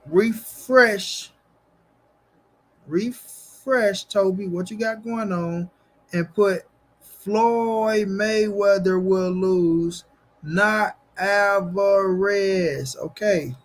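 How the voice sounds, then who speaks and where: A man hosts a casual boxing livestream, reading viewer comments and speaking straight to his chat in slang, repeating phrases for emphasis. His high voice moves extremely slowly.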